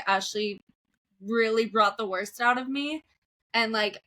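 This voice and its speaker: Bright-voiced young woman telling a story. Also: medium pitch. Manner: frequent "like" fillers, laughs while telling. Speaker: podcast guest. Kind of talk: candid conversational storytelling.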